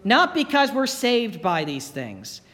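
A man's voice: high voice, huge pitch swings, slow pace, fairly bright tone, in a large hall. A man preaching a sermon as pastor, earnest and repeating key phrases for emphasis.

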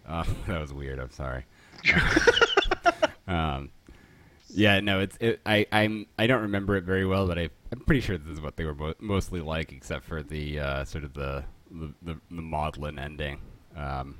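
A man's voice: very deep voice, moderate pace, fairly bright tone. A man from Philadelphia with a Philadelphia accent, hosting a casual podcast chat, rambling and jokey, often correcting himself mid-sentence. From Northeastern Philadelphia. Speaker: podcast host.

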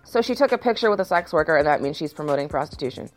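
A woman reads news aloud and cuts in with sarcastic, swear-filled commentary. Her pitch swings widely as she mocks what she reads. Faint music plays underneath. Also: lively intonation, racing. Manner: sarcastic, swears often, shifts into mock outrage. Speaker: commentator reading news stories. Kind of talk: casual ranting commentary.

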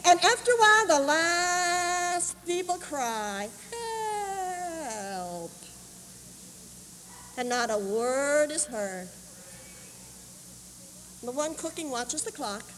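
A woman preacher telling a sermon story, animated and acting out voices, on an old camp meeting tape. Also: sits high, unhurried, pauses often. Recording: 1981 camp meeting tape, roomy hall.

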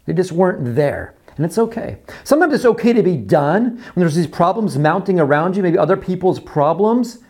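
A man preaching a sermon, repeating his phrases and acting out quoted voices, dropping to quiet lows. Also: sing-song, fairly quick, few pauses, breathy edge. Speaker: pastor.

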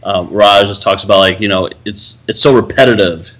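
A man co-hosting a podcast in casual chat, halting and heavy on fillers. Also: lowish voice, a bit bright, low-quality recording. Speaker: podcast co-host.

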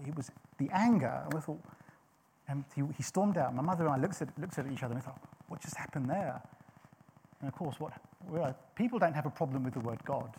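Brief: middle-aged male preacher, earnest storyteller, slightly higher voice with a gravelly edge. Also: a little mellow, a little hiss or hum. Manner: earnest storytelling, frequent restarts. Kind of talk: sermon with personal testimony.

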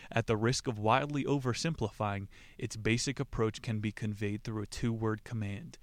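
A man's voice: on the low side, steady tone, unhurried, no room sound. Male podcast host with a mocking, offhand delivery in a dead-dry booth. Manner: irreverent, rambling, mocking. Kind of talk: casual book discussion podcast.

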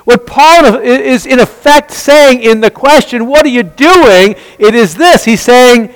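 A man's voice: very high voice, measured pace, few pauses, smooth, in a large hall, rough recording. A man teaching a Bible study, asking rhetorical questions and answering them himself, often restarting and repeating words.

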